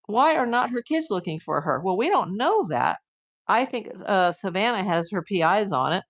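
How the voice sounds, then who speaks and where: A woman's voice: mid-range voice, sing-song, normal speed. A woman hosting a live stream as a private investigator, talking through a case with emphatic, indignant rhetorical questions. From USA.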